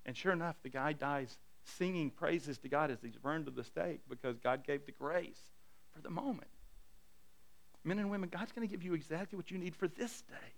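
A middle-aged male pastor preaching a conversational sermon. He often repeats his first words and drops to a hushed voice to stress a point. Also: fairly high pitch, moderate pace, creaky.

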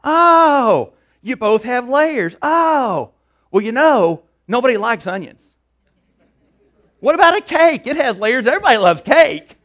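A man voicing a chatty, excitable male talking donkey from a cartoon film, eager and squealing. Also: sits high, fast talker.

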